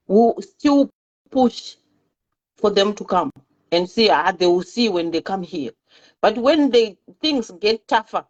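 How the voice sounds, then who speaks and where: A woman's voice: medium pitch, darkish tone. Casual co-host, woman with a mid-range voice, earnest and advising, muffled recording. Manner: earnest, advising, repeats words. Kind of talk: casual discussion show. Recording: muffled lo-fi audio.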